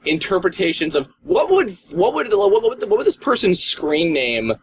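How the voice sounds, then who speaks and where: A man's voice: high voice, big pitch swings, moderate pace, slight background noise, poor audio. Guy voice actor rambling thru a story, stops and restarts a lot, voice goes way up and down. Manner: rambling, self-interrupting storyteller. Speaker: guest voice actor. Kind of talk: casual interview chat.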